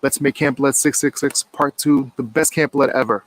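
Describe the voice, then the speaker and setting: A man, a film director, giving an excited, upbeat crowdfunding pitch outdoors in the woods. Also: normal speed, rough recording.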